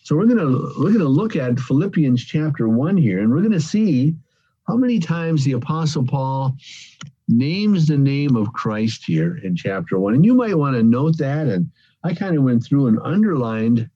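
A man leads an evening Bible study in a mellow, slightly husky voice. He explains each word carefully, repeats himself, and stresses the phrases that matter. The sound is dull and lo-fi. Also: medium pitch, big pitch swings, moderate pace. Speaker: Bible teacher. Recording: dull lo-fi recording.

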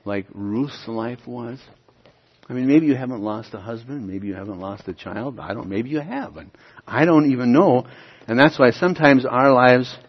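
A male pastor delivers an emphatic sermon, pressing his listeners with questions and swelling to loud, forceful peaks. His voice rings through a large hall with long reverb, captured on a dull, muffled recording. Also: medium pitch.

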